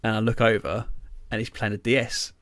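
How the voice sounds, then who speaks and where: A young man with a lowish voice chats loosely on a podcast, stringing thoughts together with lots of fillers and offhand swearing. The sound is close and dry, with no room around it. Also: little pitch movement, a little fast, fairly bright tone, no echo. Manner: rambling storyteller, filler-heavy, swears casually. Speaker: podcast co-host. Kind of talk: casual chat.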